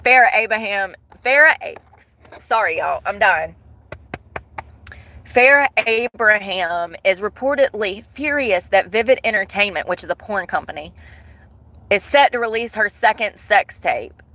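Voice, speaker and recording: A woman vlogger chatting casually to her viewers in a gossipy, animated way, cursing freely. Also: mid-range voice, measured pace, no echo. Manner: animated, swears, breaks into laughter.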